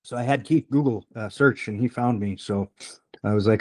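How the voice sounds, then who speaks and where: A man's voice: on the low side, moderate pace, darkish tone. A man hosting his own channel, talking casually and rambling with restarts. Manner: rambling, restarts mid-sentence. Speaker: channel host. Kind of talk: casual chat.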